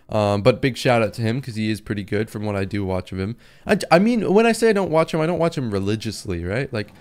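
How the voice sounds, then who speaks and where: Young man, gameplay commentary, chatty, excitable, laughs a lot, mid-pitched voice. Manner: chatty and excitable, laughing often, with sudden high-pitched outbursts. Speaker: gaming video creator.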